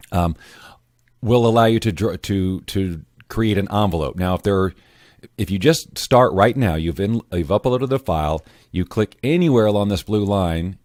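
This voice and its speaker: A man walking viewers through audio editing software in a relaxed, rambling tutorial style, wearing headphones at his mic. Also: low voice, no room sound, clean studio sound. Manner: relaxed, rambling explanations with fillers. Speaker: voiceover tutorial host. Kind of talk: casual screen-recorded software tutorial. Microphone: headphones on, studio-style mic.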